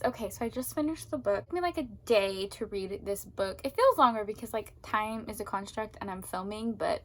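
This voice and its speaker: A woman's voice: mid-range voice, animated, brisk, few pauses, a bit bright. A young woman chatting casually at home as a book vlogger, gushing and emotional, with lots of fillers. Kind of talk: casual chat.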